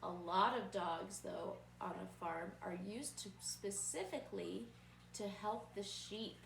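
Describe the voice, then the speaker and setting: A woman's voice: mid-range voice, measured pace, creaky, fairly bright tone, a little hiss or hum. A woman preschool teacher giving patient, encouraging craft instructions to young children. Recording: roomy echo from a distant mic.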